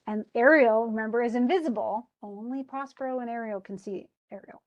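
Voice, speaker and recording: A woman's voice: fairly high pitch, fairly quick, highs cut off. Woman casually explaining a play. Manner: paraphrases in modern everyday speech. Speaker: teacher. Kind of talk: casual literature lesson.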